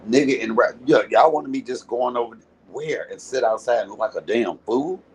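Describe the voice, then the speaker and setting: A man's voice: mid-range voice, normal speed, a little mellow, husky, poor audio. A man, ranting to his viewers in a profane, confrontational and mocking way. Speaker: live-streaming commentator. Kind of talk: casual rant to viewers.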